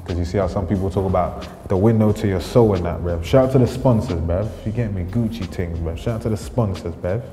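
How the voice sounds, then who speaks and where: A man's voice: low-pitched, brisk, hardly any pauses, mellow, a little hiss or hum. A young man with a London accent telling comic stories in slangy street talk, saying bruv at every turn. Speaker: storyteller. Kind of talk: comedic storytelling.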